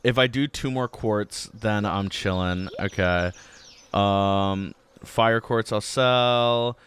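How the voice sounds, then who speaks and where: Rambling man with a lowish voice. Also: slow pace, fairly bright tone, slight background noise. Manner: rambling, heavy filler words. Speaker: gaming channel host. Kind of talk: casual let's-play commentary.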